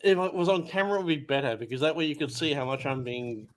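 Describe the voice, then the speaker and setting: A man's voice: on the high side, animated, fast. A man chatting casually on a stream in a playful way.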